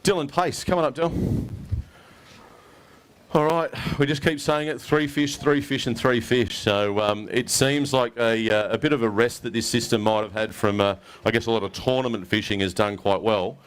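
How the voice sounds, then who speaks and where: A man's voice: medium pitch, steady tone, moderate pace, clean tone. Chatty Australian weigh-in emcee, man. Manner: chatty, jokey, mate-heavy banter. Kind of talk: casual event commentary. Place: outdoor fishing tournament weigh-in.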